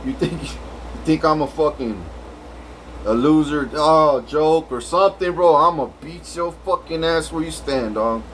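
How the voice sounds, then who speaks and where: A man's voice: a little high, a little slow, a bit bright, slight background noise, rough recording. A man telling a rambling story full of swearing, restarts and filler. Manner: rambling, profane, many restarts. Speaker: vlogger.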